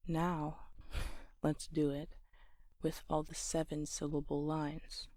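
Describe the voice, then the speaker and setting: A speaker gently explaining poetic form and reading poems aloud, often dropping into a soft whisper in a quiet small room. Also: medium pitch, monotone, slow pace, pauses often, dry recording. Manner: gentle, patient explaining with light laughs. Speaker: poetry channel host. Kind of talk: soft-spoken poetry lesson and reading.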